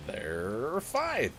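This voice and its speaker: A man's voice: medium pitch, background noise. A middle-aged man co-hosting a morning gaming show, rambling casually with lots of fillers and chuckles. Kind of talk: casual chat while gaming.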